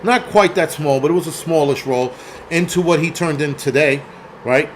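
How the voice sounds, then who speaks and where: A man in his forties hosts a casual film review livestream, rambling, swearing a lot, and reading chat messages aloud as he answers them. His voice leans high and his pace is normal, with slight background noise in the recording.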